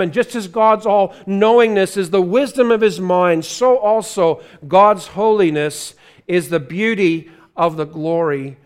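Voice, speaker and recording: A man with a high, smooth and resonant voice preaches a live sermon in a church. He rises to loud, ringing proclamation, then drops to a hushed, pleading near-whisper. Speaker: guest preacher. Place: church sanctuary.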